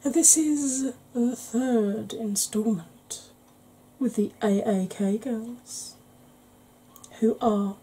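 A woman hosting a makeup tutorial, chatting in a rambling, conversational way and sometimes dropping into a soft whisper. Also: fairly high pitch, very slow, slightly rough, rough recording. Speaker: beauty channel host.

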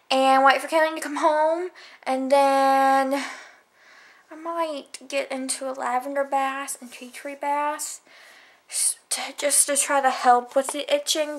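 A young woman, rambling and complaining at home in a casual vlog chat. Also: high-pitched. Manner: rambling, complaining, lots of fillers. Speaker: vlogger. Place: at home indoors at night.

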